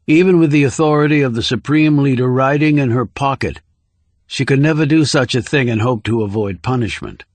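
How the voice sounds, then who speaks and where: A man's voice: mid-range voice, no room sound. Man narrating a thriller audiobook. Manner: measured, steady storytelling. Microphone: close studio microphone.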